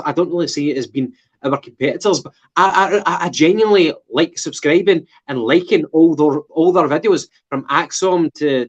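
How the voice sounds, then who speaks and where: Sweary Scottish man, slightly high voice. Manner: sweary, rambling with restarts. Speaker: podcast co-host. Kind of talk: casual football chat. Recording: dull lo-fi sound.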